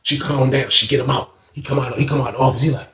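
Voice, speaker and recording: Male storyteller, gravelly and animated, swearing freely, recorded in an echoey room. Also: mid-range voice, quick pace, slight background noise. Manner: animated, profane, acts out other people's voices. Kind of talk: casual storytime monologue.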